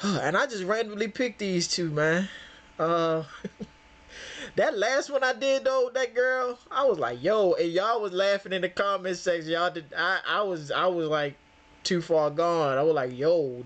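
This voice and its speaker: A man's voice: high-pitched, unhurried, a bit bright. A man hosting a reaction video, talking loosely and laughing often as he comments.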